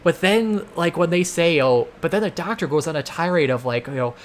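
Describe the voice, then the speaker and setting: A man's voice: on the high side, a little fast, hardly any pauses, a little hiss or hum. A man hosting a game playthrough, talking casually with lots of filler words and slipping into exasperated rants. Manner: rambling, full of filler words; exasperated ranting. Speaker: let's play host. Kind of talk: casual gameplay commentary.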